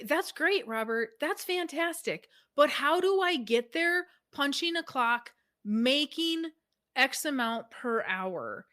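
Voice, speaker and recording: A woman with a high-set, bright voice chats casually as a guest. She talks in a lively way and acts out her own past reactions as she goes. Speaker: guest, financial author. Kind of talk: casual conversation.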